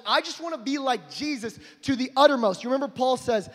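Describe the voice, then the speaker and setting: A young man preaching an emphatic sermon to a crowd, swinging between loud calls and hushed asides. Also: very high voice, lively intonation, brisk, few pauses. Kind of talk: energetic sermon to a live crowd. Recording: long hall reverb.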